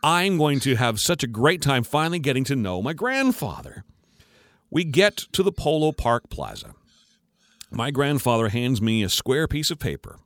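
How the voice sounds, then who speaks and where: A man's voice: medium pitch, normal speed, no room sound, clean studio sound. A man, a radio co-host telling a family anecdote and acting out the voices in it. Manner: animated storyteller acting out voices. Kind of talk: casual radio chat.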